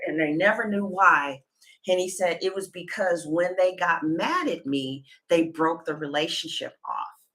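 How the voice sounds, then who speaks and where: A woman, a tarot reader chatting casually to viewers and retelling a conversation in lively detail. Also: sits low. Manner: animated storytelling, retelling others' words.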